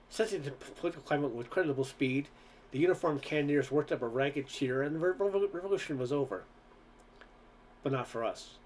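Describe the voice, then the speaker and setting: Brief: male audiobook reader, mid-pitched, earnest first-person storytelling, faint hiss behind. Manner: earnest storytelling with occasional stumbles. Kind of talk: reading a novel aloud.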